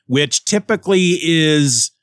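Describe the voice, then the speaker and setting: A man hosting a comic book podcast, recapping and reviewing an issue in a casual, animated way with chuckles. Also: fairly high pitch, takes it slowly, smooth, no room sound, studio quality.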